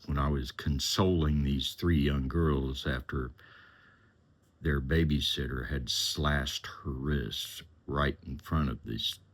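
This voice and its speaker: Deep husky male storyteller, slow and plain-spoken, former driver recounting his past. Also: steady tone. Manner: plain-spoken, unhurried, conversational. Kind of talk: personal testimony storytelling.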